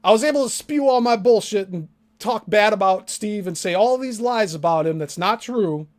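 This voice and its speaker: A man putting on a high, sing-song mocking voice to play a smug man who brags about his own lies. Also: moderate pace, natural voice. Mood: gloating.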